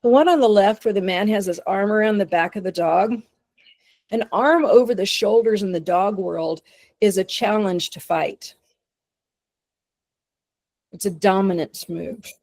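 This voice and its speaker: A woman's voice: medium pitch, a little slow, pauses often, a little mellow, no echo. Woman teaching a casual dog-behavior webinar. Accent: Texan. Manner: conversational, many restarts and acted-out dog thoughts. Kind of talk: webinar presentation.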